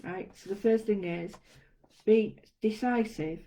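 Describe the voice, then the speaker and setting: A mellow-toned woman talks through a drawing tutorial in a relaxed, chatty way. She narrates each step as she goes and her sentences often fade off quietly. Her pitch sits in an ordinary middle range for a woman. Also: measured pace, rough recording. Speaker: art tutor.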